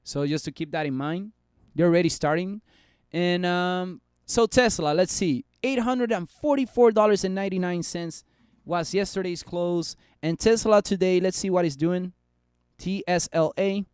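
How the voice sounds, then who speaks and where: A man with a high, smooth voice talks through stock charts in a loose, chatty way and banters with his viewers. The sound is close and dry. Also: moderate pace, a little mellow, no echo. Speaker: stock market streamer. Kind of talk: casual live stock analysis.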